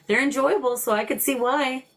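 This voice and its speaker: A woman's voice: sits high, measured pace, noisy background. An older woman hosting a paranormal livestream from home, chatting casually, laughing and coaxing spirits with questions. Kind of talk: casual live-stream chat.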